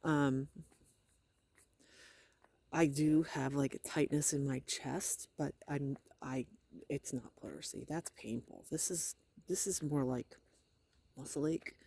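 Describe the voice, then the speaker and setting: A middle-aged woman with a hoarse, sore throat, talking in a hesitant, rambling video diary with wry, matter-of-fact asides. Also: very deep voice, takes it slowly, long pauses, dark tone, no echo. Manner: hesitant, rambling, many fillers. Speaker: vlogger. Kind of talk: casual personal video diary.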